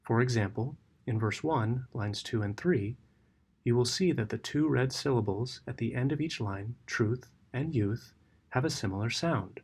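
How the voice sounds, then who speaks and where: A man giving scripted instructional narration in a steady, measured way. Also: mid-range voice, slightly rough. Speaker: training narrator.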